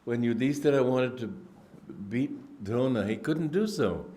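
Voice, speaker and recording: A man giving a spiritual discourse, telling stories in an unhurried, reflective way with frequent restarts and throat-clearing. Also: medium pitch, expressive, warm tone. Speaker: spiritual teacher. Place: indoor gathering hall.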